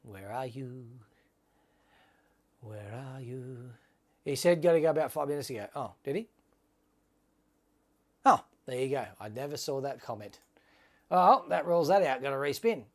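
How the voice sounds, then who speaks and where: A man hosts a live giveaway stream, talking casually and upbeat to his viewers. His voice sits a little higher than most men's, and he keeps calling people mate. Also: animated, a little fast, long pauses. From Australia. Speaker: livestream host. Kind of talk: casual livestream giveaway chat.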